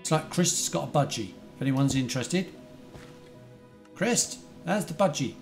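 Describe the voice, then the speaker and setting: A man's voice: fairly high pitch, animated, a little slow, vocal fry, soft background music. A man from the UK chatting casually to his viewers while playing a building game on a live stream. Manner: chatty, talks to chat viewers, remembers their details.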